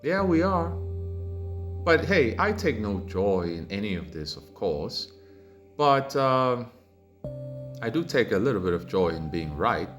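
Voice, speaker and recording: A man hosting a commentary video, reading out viewer comments and ranting in a mocking, heated way that climbs into loud exasperated outbursts. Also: lowish voice, very animated, a little slow, pauses often, lo-fi sound, soft background music. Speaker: commentary channel host.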